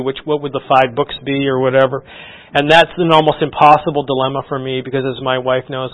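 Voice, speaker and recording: A middle-aged man preaching a sermon in an earnest, conversational way, often restarting his sentences. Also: medium pitch. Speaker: pastor. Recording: slightly dull lo-fi sound.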